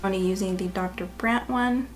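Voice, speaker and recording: A woman's voice: mid-range voice, a little fast, slight background noise. A woman beauty vlogger talking viewers through a makeup tutorial in a chatty, upbeat way. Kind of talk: casual makeup tutorial narration.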